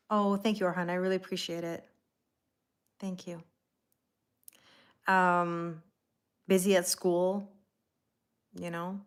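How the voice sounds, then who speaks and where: A woman doing a live-stream tarot reading, talking casually and rambling, greeting viewers by name with lots of fillers and self-corrections. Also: lowish voice. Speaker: tarot reader.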